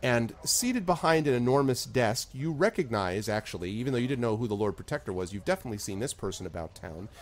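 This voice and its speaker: A man narrating as game master of a tabletop game, relaxed and rambling with many fillers. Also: mid-range voice, fast talker, hardly any pauses.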